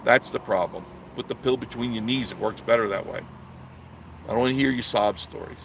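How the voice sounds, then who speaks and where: A man's voice: medium pitch, brisk, gravelly, slight background noise. A man hosting a live stream, delivering a blunt, preachy monologue and answering viewer comments.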